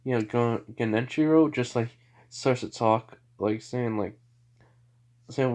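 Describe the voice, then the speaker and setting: A man's voice: medium pitch, steady tone, a little slow, a little mellow. A man narrating a homemade fan story off the cuff. He rambles, restarts and fills gaps with "you know" and "like.". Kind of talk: improvised spoken fan fiction.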